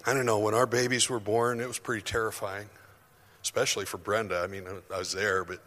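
Pastor, male, bright forceful delivery, impassioned sermon, long hall reverb. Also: lowish voice, level tone, fairly quick. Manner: impassioned, rising to near-shouts.

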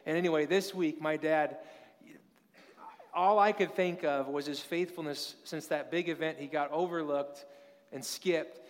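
A man in his thirties preaches with a slightly raised voice, chatting through stories and asking the congregation questions. His words ring out with a long church-hall reverb. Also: fairly high pitch. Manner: conversational, anecdotal preaching with rhetorical questions. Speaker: pastor. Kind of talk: sermon.

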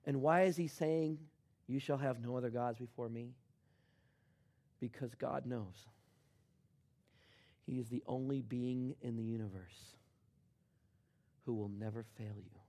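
A middle-aged man preaching a sermon, dropping to a hush and then rising to loud, emphatic shouts. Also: medium pitch, unhurried, long pauses. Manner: swings from hushed to shouting in acted quotes. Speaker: pastor.

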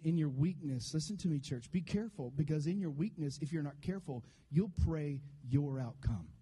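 Male pastor, high but mellow voice, preaches casually with jokes and congregation call-outs. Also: breathy edge. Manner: conversational, joking, call-and-response with the congregation. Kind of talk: sermon.

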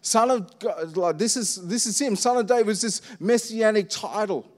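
A middle-aged man delivers a sermon with a high voice and an easy, conversational manner. He keeps asking the room rhetorical questions. His voice carries a long reverb from a large church hall. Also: moderate pace. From Australia. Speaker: pastor.

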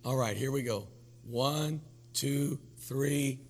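A man's voice: medium pitch, slow, long reverb tail. A man preaching as pastor, his voice weak and worn, joking with the congregation in a folksy way. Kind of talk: sermon.

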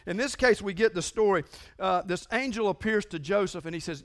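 A man's voice: high-pitched, fairly quick, a bit bright. A man preaches a sermon. He talks conversationally, presses key points hard and repeats phrases for emphasis. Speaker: pastor.

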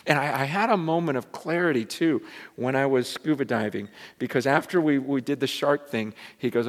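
A man in his forties, a pastor telling a lively personal story in a sermon, rising to excitement and dropping to hushed, prayerful tones. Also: mid-range voice, moderate pace, long reverb tail. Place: large church hall with a congregation.

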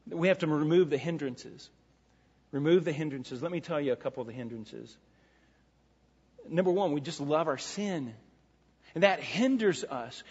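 In a church sanctuary, a pastor with a somewhat high, slightly rough voice preaches earnestly at an unhurried pace, with lively intonation and repeated phrases for emphasis. The lo-fi recording carries a long reverb.

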